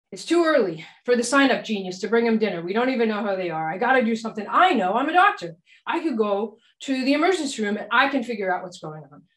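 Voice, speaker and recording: A woman doctor telling a true personal story at a live storytelling event, acting out her own panicked quotes. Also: mid-range voice. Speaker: doctor and practice manager. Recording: echoey live venue.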